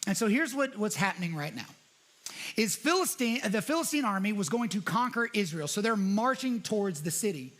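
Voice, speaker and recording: A man's voice: high-pitched, very animated, a little fast, a bit bright. A man preaching a sermon as a guest pastor, telling the story casually and acting out the quotes. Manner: storytelling, acts out quotes in voices; casual, conversational.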